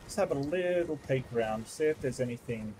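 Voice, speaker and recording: A man's voice: medium pitch, animated, a little fast, background noise. Chatty male let's-play streamer. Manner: chatty, rambling, easily distracted. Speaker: gaming streamer. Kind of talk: casual let's-play commentary.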